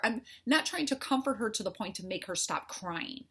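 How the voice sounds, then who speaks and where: A woman's voice: medium pitch, lively intonation, normal speed, a bit bright, breathy edge. A middle-aged woman coach talking candidly to her followers, heartfelt and conversational, with a faith-filled manner. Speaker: life coach. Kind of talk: candid personal talk to followers.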